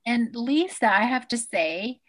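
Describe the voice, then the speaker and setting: A woman in her forties hosting a casual conversation, reminiscing in an animated, affectionate way. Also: fairly high pitch, measured pace. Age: 40s.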